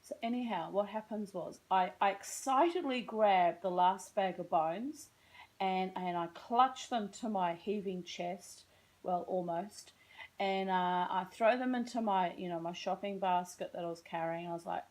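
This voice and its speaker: A chatty Australian woman telling a story to the camera, rambling and self-mocking as she wanders from one tangent to the next. Her voice sits in an ordinary middle register, and she talks in a loose, unhurried way. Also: mid-range voice, a little mellow, low-quality recording. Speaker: vlogger.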